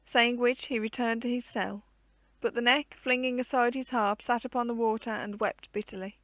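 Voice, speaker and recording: A woman narrating an old fairy tale aloud in a measured, clear storybook reading. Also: fairly high pitch, steady tone, fairly bright tone, dry recording.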